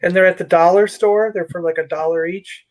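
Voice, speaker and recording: High-voiced man chatting casually. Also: steady tone, a little fast. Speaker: toy show co-host. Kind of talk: casual chat.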